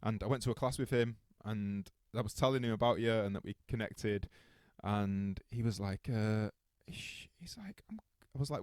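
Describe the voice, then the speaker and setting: A man hosting a podcast, telling stories in a rambling, animated way with many restarts. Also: medium pitch, fairly quick, few pauses, no echo, clean studio sound. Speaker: podcast host. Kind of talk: casual interview chat.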